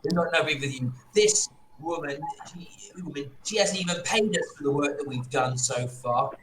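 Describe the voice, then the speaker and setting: A man's voice: fairly high pitch, normal speed, roomy sound, background noise, close to an everyday voice. Man doing a nervous stocky mercenary. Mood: pleading. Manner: pleading, blustery.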